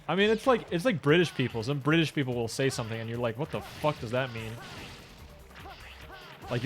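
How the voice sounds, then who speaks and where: Young male streamer at mid pitch, casual and profane with faint game music behind him. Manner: casual, profane, chatty with viewers. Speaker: speedrunner streaming. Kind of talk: live gaming stream chat.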